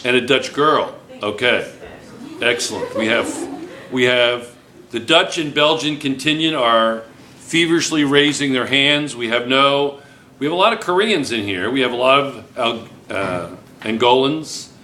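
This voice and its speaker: A man teaching a chemistry class in a playful, teasing way, talking loudly to the room. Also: medium pitch, measured pace, slight background noise. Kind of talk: joking classroom review.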